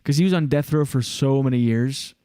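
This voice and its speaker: A male podcast host telling a long, meandering story in casual chat. He talks at an ordinary middle pitch, full of fillers. The sound is dry and close. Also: brisk, dark tone, clear, resonant tone, dry recording. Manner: rambling storyteller, lots of fillers. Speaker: show host.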